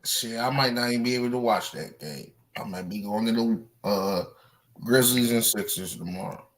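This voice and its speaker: A man in a casual basketball chat with friends, laid-back and quick to laugh. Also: medium pitch. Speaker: co-host.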